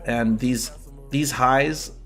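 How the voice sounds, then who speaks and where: A man's voice: medium pitch, steady tone, extremely slow, a bit bright, faint music behind. A young man casually hosting a live trading stream, chatting loosely with viewers, swearing often and breaking into laughter. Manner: loose, profane, bursts of laughter. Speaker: livestream trading host. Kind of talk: casual livestream chat with viewers.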